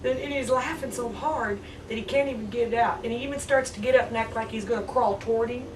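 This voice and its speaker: A woman casually telling family stories in an animated way, often laughing as she talks. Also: a little high, quick pace, background noise. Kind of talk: casual storytelling. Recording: roomy sound, distant mic.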